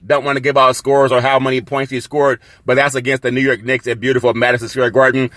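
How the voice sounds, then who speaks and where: A man hosting his own sports podcast, talking casually and excitedly, shouting catchphrases and laughing at himself. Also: mid-range voice, fast, dry recording. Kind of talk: casual sports talk show monologue.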